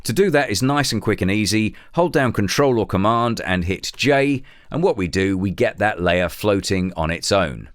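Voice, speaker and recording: A man, walking through a photo editing tutorial step by step in a relaxed, explanatory way. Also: lowish voice, normal speed, hardly any pauses, dry recording, clean studio sound. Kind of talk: software tutorial.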